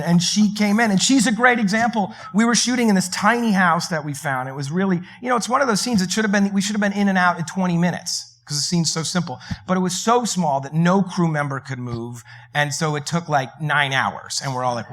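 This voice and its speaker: A man on a film panel, telling lively anecdotes with quick asides and laughs. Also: high voice. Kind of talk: panel discussion storytelling.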